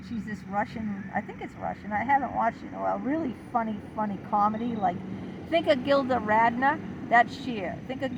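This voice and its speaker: A woman's voice: on the high side, background noise. A middle-aged woman talking to camera in a casual, rambling vlog, wandering off topic as she goes. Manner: rambling, chatty, digressive. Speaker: channel host.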